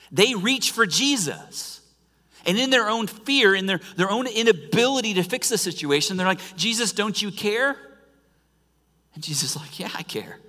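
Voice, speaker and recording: Midwestern man, pastor, sermon, forceful bright tone, sudden drops to a hush, long church echo. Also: fairly high pitch. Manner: swings from loud emphatic lines to soft near-whispers. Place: church sanctuary. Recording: long church-hall reverb.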